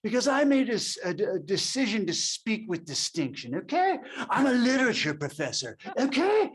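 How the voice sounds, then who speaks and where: A man's voice: high-pitched, huge pitch swings, normal speed, breathy edge, voice pushed up, exaggerated voice. A man imitating an older male literature professor who speaks with a mid-Atlantic accent and a haughty, over-enunciated, lecturing manner. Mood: indignant lecturing.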